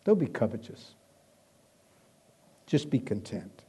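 A man preaching a sermon, emphatic, swelling loud and then dropping to a hush. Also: mid-range voice, very animated, slow pace, breathy edge.

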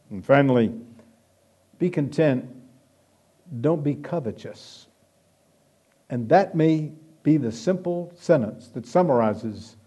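A man preaching a sermon, emphatic, swelling loud and then dropping to a hush. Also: medium pitch, slightly rough.

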